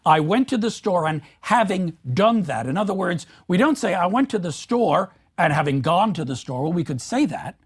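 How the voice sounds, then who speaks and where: A man giving an academic lecture in a measured, emphatic way, speaking example sentences aloud. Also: sits high, lively intonation, slightly rough.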